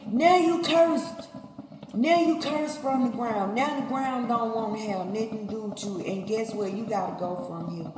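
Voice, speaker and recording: A woman's voice: a little high, moderate pace, hardly any pauses, noisy background, close to an everyday voice. A woman voicing God as he scolds a jealous son, with stern, repetitive questioning. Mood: scolding. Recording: echoey hall, faint ambience.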